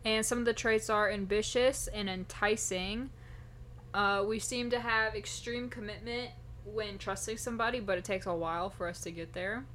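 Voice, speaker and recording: A young woman co-hosting a casual podcast, playful and quick to laugh. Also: mid-range voice, fairly even intonation, fairly bright tone, a little hiss or hum. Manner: giggly, playful, laughs often. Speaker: podcast co-host. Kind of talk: casual chat.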